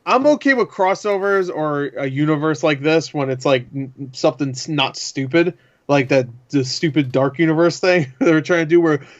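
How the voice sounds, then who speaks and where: A man co-hosting a casual gaming podcast, excitable, swearing and laughing as he talks. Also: a little high, moderate pace, highs cut off. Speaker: podcast co-host.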